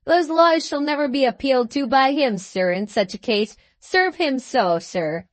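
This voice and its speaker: A woman's voice: sits high, animated, moderate pace, no room sound, voice pushed up. A woman voicing a sneering, sarcastic male rival editor who taunts his enemy. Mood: taunting.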